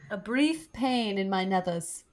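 A woman's voice: medium pitch, animated, unhurried. A young woman co-hosting a podcast in casual, jokey chat, rambling and laughing often. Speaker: podcast co-host.

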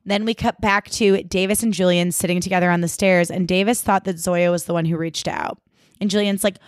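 A woman's voice: fairly low pitch, steady tone, a little fast, no echo, studio quality. A woman hosting a podcast, recapping a TV episode in casual chat, swearing freely and saying "like" a lot. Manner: chatty, swears freely, lots of "like". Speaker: podcast host.

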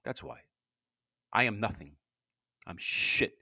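A man hosting his own amateur podcast, rambling in a self-deprecating solo monologue that swings between loud bursts and low mutters. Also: animated, slow pace, creaky, no echo, clean studio sound. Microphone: home podcast mic.

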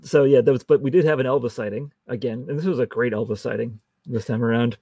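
A man with a gravelly, creaky voice at an ordinary pitch, co-hosting a casual podcast chat about a TV episode. He is chatty, laughs often and slips into quoted lines from scenes. The sound is dry and close, with no room around it. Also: quick pace, mellow, no room sound. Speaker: podcast co-host.

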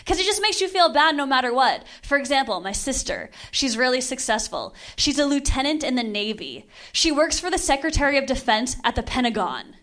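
A young woman doing stand-up on a club stage, her voice high and ringing. She delivers lines deadpan and keeps breaking into laughs at her own jokes. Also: a little fast, few pauses. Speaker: stand-up comedian. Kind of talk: stand-up comedy set.

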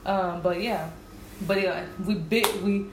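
A woman's voice: medium pitch, takes it slowly. A woman in casual conversation, talking emphatically and often repeating her words for stress. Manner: animated, emphatic, repeats herself. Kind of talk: casual chat about zodiac signs. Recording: echoey room with clear background noise.

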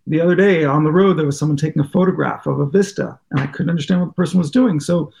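A U.S. journalist appearing as a podcast guest tells rambling, self-deprecating anecdotes in casual interview conversation, curious and acting out what people said. His voice is fairly high, quick, gravelly and a little mellow.

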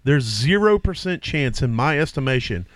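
A man co-hosting a casual sports podcast, ranting with profanity and sharp swings in his delivery. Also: medium pitch, very animated, normal speed, dry recording. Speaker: podcast co-host. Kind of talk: casual fantasy football chat.

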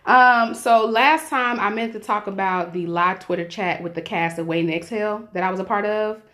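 A woman co-hosting a podcast in casual chat, playful and teasing, and quick to laugh. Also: mid-range voice, a bit bright. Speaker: podcast co-host.

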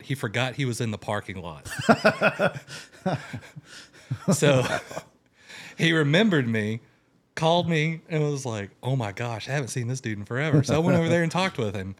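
A man's voice: medium pitch, a little fast. A young man in casual conversation, telling a long personal story and acting out what people said. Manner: animated, acts out quotes in raised voice. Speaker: guest telling his story.

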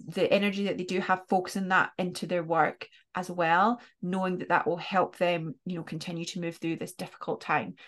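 A woman co-hosting a coaching podcast, talking in a reflective, thoughtful way with frequent restarts. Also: on the low side. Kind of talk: casual podcast chat.

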